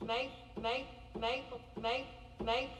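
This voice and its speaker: A woman putting on a goofy voice, softly chanting a phrase in a stuttering singsong, far from the mic. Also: on the high side, level tone, slow.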